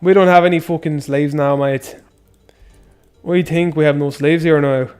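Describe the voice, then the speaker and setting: A man streaming a game live, chatting casually with viewers, excitable and swearing often. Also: on the high side, normal speed, clean tone, faint music behind.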